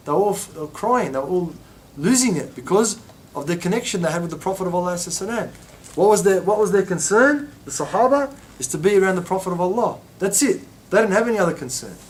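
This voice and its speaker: A man's voice: high-pitched, animated, quick pace. A man teaching an informal religious lesson, telling stories and acting out quoted voices with many restarts.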